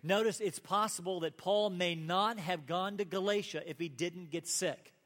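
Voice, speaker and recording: Earnest high-voiced male preacher in hall. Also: moderate pace. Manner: earnest preaching, rising to emphatic peaks and dropping to soft asides. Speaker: pastor. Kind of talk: sermon. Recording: long hall reverb.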